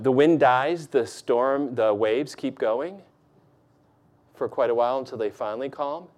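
A man's voice: fairly high pitch, darkish tone. A man preaching a sermon, reading scripture and then explaining it in a conversational way, with asides to the congregation. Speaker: pastor.

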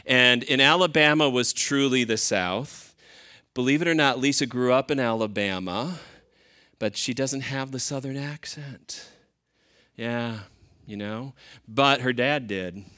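A man's voice: medium pitch, measured pace, sharp tone, smooth. Conversational male pastor preaching. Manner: conversational, asks the listeners rhetorical questions. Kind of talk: sermon.

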